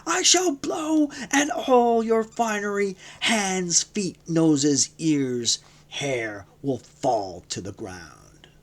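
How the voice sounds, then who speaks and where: A man voicing a wild, hoarse male desert prophet who shouts fiercely. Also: sits high, lively intonation, extremely slow, hardly any pauses, voice pushed up, heavily acted. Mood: fierce ranting.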